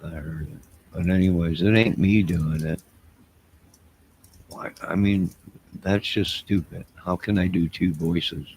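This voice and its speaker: A man with a low, gravelly voice rambles to his live-stream viewers late at night, taking his time over every thought. He sounds loose and a little defensive as he talks right at them. A faint hiss of noise sits under the recording. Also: fairly even intonation, unhurried, pauses often, darkish tone. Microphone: wearing headphones at a desk mic.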